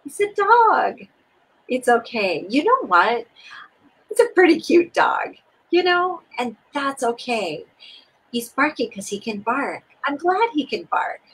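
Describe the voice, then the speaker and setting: Lively, breathy woman teaching spirituality. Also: high-pitched, slow, poor audio. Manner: expressive, soothing and repetitive. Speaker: co-host.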